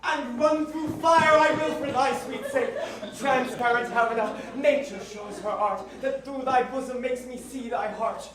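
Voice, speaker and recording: A man's voice: fairly high pitch, moderate pace, a crowd in the background, close to an everyday voice. A teenage boy playing a lovestruck young nobleman on stage, in earnest verse. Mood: ardent. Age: teens. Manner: earnest verse delivery, softening to intimate. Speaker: stage actor. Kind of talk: stage Shakespeare acting. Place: school theater stage. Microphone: distant room mic. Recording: echoey stage from far off.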